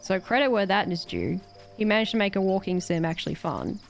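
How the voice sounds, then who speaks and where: A woman's voice: medium pitch, very animated, brisk, vocal fry, soft background music. A woman streamer chatting casually while gaming, ranting animatedly with swearing and laughter.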